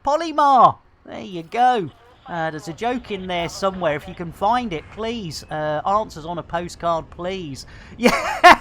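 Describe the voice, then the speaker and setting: A woman's voice: fairly low pitch, expressive, unhurried, fairly bright tone. A woman streaming a game, chatting casually to her viewers, rambling and punning with frequent giggles. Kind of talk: casual live-stream chat.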